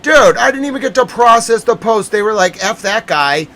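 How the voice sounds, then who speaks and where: A man's voice: very high voice, fairly quick, a bit bright. A man live-streaming his reaction to the news, ranting, swearing and repeating himself.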